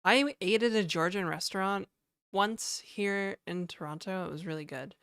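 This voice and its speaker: A woman's voice: medium pitch, normal speed, fairly bright tone, clear, resonant tone, no room sound, studio quality. A woman livestreaming from home, casually chatting and reading her chat aloud with easy laughs. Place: home in Toronto.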